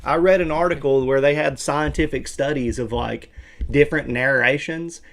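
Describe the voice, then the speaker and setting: A man's voice: medium pitch, normal speed. A man with a Southern US accent hosting a casual stream chat, loose, playful and profane. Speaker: stream host.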